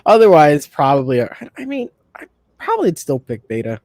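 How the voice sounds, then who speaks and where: A man's voice: a little high, wildly swooping pitch, moderate pace, darkish tone, no room sound. A man with a Connecticut accent, chatting casually as a guest and chuckling through his stories. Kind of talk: casual chat.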